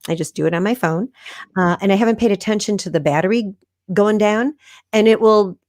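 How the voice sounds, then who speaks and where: A woman video coach gives tips in an animated, encouraging manner over a video call. Her voice sits at an ordinary pitch with a dry, close sound. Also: brisk, no room sound. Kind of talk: casual live interview chat. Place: room at home.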